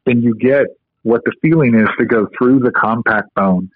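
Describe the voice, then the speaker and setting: A man's voice: mid-range voice, moderate pace, slightly rough, dry recording. Man explaining over a tinny phone line. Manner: casual, explanatory, with fillers. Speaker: guest, medical instructor. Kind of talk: podcast interview explanation.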